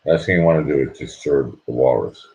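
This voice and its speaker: A sleepy man hosting a late-night livestream, talking quietly and rambling so he won't wake anyone at home. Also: rumbling low, a little fast, low-quality recording. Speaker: livestream host.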